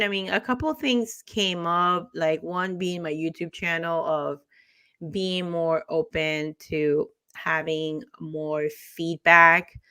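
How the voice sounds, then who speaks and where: A woman with a lowish, bright, forceful and clean voice co-hosts a casual morning talk show over a video call. She spins a long personal story, laughing often and impersonating the people in it.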